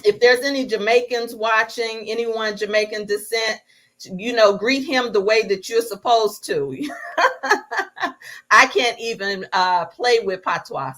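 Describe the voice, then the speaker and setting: A woman hosting a livestreamed interview, praising her guest and talking directly to viewers. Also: mid-range voice. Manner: warm encouraging, addresses viewers directly. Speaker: host.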